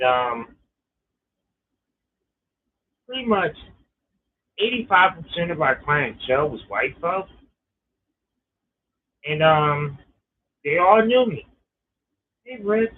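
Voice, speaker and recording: A man's voice: a little high, sing-song, slow, pauses often. A middle-aged man telling a personal story in a casual, profane, exasperated way. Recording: tinny phone-like line.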